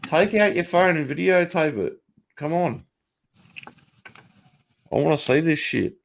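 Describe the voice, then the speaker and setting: A man's voice: a little high, measured pace, vocal fry. A middle-aged Australian man hosting a casual livestream from a home office, swearing freely, joking and laughing often as he answers chat. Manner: profane, jokey, laughs often, reacts to chat. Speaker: livestream host.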